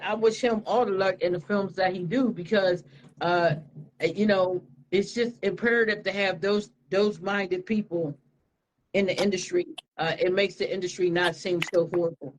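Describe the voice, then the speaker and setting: A woman's voice: mid-range voice, normal speed, low-quality recording. Woman, interview guest, casual slangy delivery, lots of fillers, light background hiss. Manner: relaxed, slangy, many fillers and restarts. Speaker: interviewee, media studio owner.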